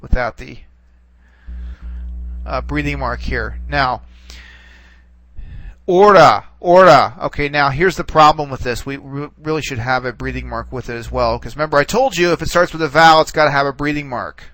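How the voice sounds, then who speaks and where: A man's voice: mid-range voice, fairly even intonation, fairly quick, bright, forceful tone, low-quality recording. A man teaching a recorded lesson, explaining step by step and often checking in with "okay?" while he types on screen, trailing off and repeating words as he works.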